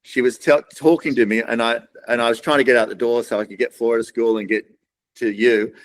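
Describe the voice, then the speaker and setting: On a roughly recorded podcast, a middle-aged man with an Australian accent rambles through casual stories as a guest, voicing what others said in quoted impressions. He speaks fairly quickly in a mid-range, steady tone during this storytelling interview.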